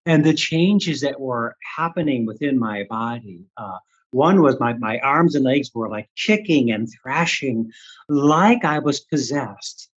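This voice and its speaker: A man's voice: medium pitch, lively intonation, measured pace, breathy edge, dull audio. An older man from the Midwestern United States, candidly telling a story as an interview guest and acting out his own past thoughts. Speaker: guest, Reiki teacher.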